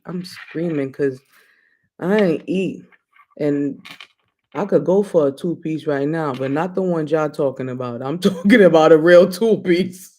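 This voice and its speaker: A woman's voice: lowish voice, a little mellow. Woman host, blunt and playful, chatting straight to her viewers. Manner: blunt, playful, laughs often, speaks to viewers. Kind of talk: casual live-stream talk show.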